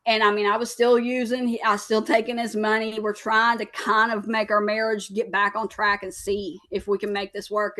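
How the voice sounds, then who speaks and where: A woman's voice: medium pitch, a bit bright. A woman in her thirties, a podcast guest candidly telling a personal recovery story and acting out past conversations. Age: 30s.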